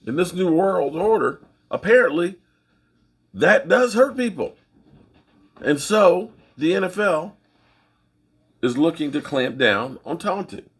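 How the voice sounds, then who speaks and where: Husky, opinionated middle-aged man. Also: a little high, expressive, slow, long pauses. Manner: folksy, opinionated, rambling. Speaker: sports channel host. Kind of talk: casual opinion commentary to camera.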